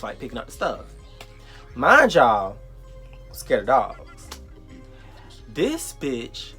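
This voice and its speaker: Young male vlogger from South Florida, fairly high and bright, swearing and storytelling with slang over light music. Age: young adult. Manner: animated, profane storytelling with slang. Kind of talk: storytime vlog.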